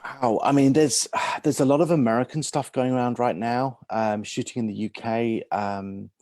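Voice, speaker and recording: A man's voice: mid-range voice, fairly even intonation, normal speed, a little mellow, dry recording. A man, a guest agent in a casual interview, speaking hesitantly with many restarts.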